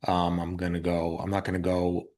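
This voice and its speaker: A deep-voiced man giving his opinions on a film with friends. He circles back and repeats himself and leans hard on his points. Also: monotone, normal speed, a little mellow. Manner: rambling, repeats words, emphatic. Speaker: podcast co-host. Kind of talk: casual movie chat.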